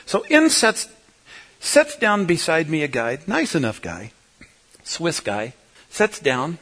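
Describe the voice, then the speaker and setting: Male preacher, animated comic storyteller, higher-pitched and sharp-toned, folksy delivery. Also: slow pace. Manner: animated, folksy and jokey, swings loud and soft. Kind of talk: humorous sermon storytelling.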